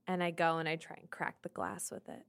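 A woman's voice: sits low, level tone, a little fast, clean tone. A woman playing in a tabletop game, talking as her character, frustrated and swearing freely. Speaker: player.

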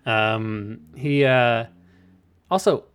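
A man's voice: medium pitch, drawn-out words, smooth. A man co-hosting a casual podcast chat, laughing often and slipping into goofy voices. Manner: animated, laughing, puts on silly voices in quotes. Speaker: podcast co-host.

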